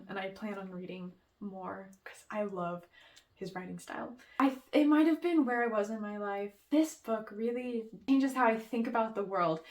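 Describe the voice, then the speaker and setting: A woman's voice: mid-range voice, a little mellow. A young woman chatting about her favorite books in a casual vlog, gushing and peppering her talk with "like" and "um". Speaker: book vlogger. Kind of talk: casual book review chat.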